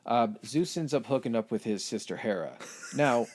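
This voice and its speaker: A man's voice: medium pitch, lively intonation, moderate pace, darkish tone, a little hiss or hum. A man co-hosting a podcast, explaining myths in wry, chatty casual talk. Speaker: podcast co-host. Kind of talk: casual comedic chat.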